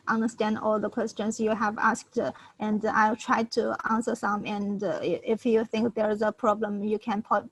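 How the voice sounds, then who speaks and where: A woman's voice: fairly high pitch, poor audio. Hesitant woman presenter, full of fillers. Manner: halting, many fillers and restarts. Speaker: challenge presenter. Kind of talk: live Q&A answering questions.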